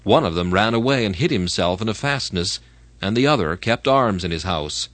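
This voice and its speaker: A man giving a measured, expressive audiobook reading of an old religious text. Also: on the low side, no echo. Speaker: reader.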